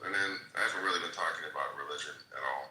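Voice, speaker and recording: A man's voice: a bass voice, rapid-fire, pushed and bright, roomy sound, low-quality recording. A man calling in to a talk show, hesitant and sarcastic, with many fillers. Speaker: caller. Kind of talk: casual chat.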